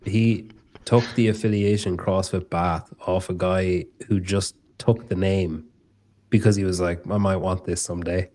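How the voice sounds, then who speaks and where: A man's voice: low voice, steady tone, measured pace, mellow. A man hosting a casual podcast, joking and rambling, swearing freely. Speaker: podcast host.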